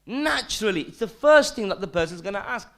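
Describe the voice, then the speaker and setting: A man teaching a religious lesson, his voice rising and falling a great deal as he presses rhetorical questions. His pitch sits a little high for a man, and he repeats phrases for emphasis. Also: lively intonation, a little fast, a bit bright. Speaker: Islamic teacher. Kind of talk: recorded Islamic lesson.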